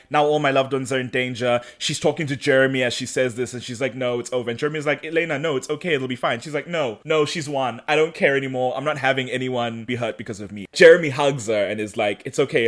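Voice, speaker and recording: A man's voice: mid-range voice, fairly bright tone. A man co-hosting a podcast, retelling a story in casual chat and acting out the characters' lines with frequent laughs. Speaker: podcast co-host.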